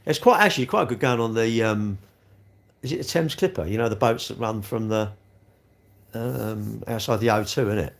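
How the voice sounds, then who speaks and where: A man's voice: on the low side, moderate pace, creaky. A middle-aged man with a South East London accent, chatting and rambling on a casual live stream, full of tag questions. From England. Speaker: livestream host.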